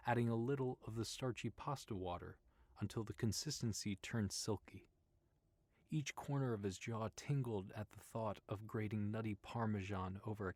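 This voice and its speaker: A man narrating an audiobook in a steady, even storytelling manner. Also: lowish voice, no room sound.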